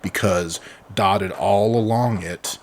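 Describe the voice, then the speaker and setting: A man's voice: sits low, steady tone, slow, a little hiss or hum. A man, co-hosting a podcast in a casual chat, rambling through explanations with the odd swear word. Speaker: podcast co-host.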